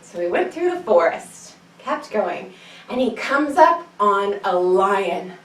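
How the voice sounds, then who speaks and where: A woman's voice: mid-range voice, big pitch swings, takes it slowly, roomy sound, recorded from a distance, rough recording. A woman teaching a children's yoga class, telling a story in a playful, sing-song way while guiding poses.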